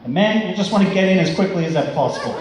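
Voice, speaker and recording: Australian male comedian, high bouncy voice, echoey hall, crowd noise. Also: lively intonation, very fast. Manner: chatty, teasing the audience. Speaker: stand-up comedian. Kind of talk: stand-up comedy set. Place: social club gig before a live audience. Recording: echoey club room with crowd.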